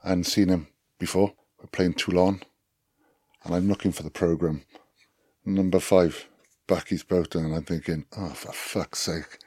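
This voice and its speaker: Welsh ex-rugby player, very low voice, dry close sound, chatty storyteller. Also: male voice, normal speed, no echo. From Wales. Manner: lively anecdotes, swearing, laughing. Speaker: podcast guest, former rugby player. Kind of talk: casual storytelling chat.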